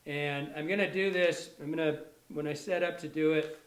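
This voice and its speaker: A middle-aged fly-tying instructor works at a fly shop bench, casually demonstrating his craft in a fairly high, steady voice at a moderate pace. The sound is roomy, and he rambles with enthusiasm, self-correcting and restarting sentences.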